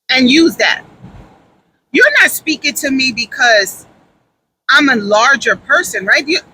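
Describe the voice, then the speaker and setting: A woman's voice: sits high, sharp tone, a little hiss or hum, low-quality recording. A woman giving her candid opinions in a brash, profane, emphatic way, repeating phrases for emphasis and laughing easily. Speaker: podcast talker.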